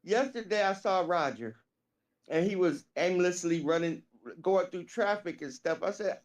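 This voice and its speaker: A woman co-hosting a podcast, telling a story in a chatty, animated way, with lively acted-out voices. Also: lowish voice, normal speed. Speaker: podcast co-host. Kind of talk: casual storytelling.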